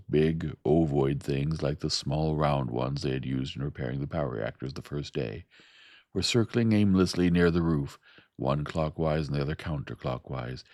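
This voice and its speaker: Deep gravelly guy reading a story slow and even, dry close mic. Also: dry recording. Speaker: audiobook narrator. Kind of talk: soft-spoken audiobook narration.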